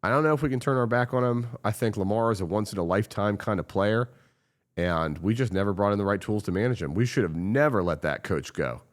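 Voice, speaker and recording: Profane, fired-up man ranting about football. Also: lowish voice. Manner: impassioned, profane, fan venting. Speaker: podcast host. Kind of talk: casual sports rant.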